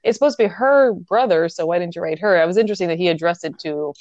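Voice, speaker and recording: Animated woman on a dull lo-fi mic. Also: on the low side, fast, no echo. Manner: animated, lively commentary with laughs. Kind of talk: casual book discussion.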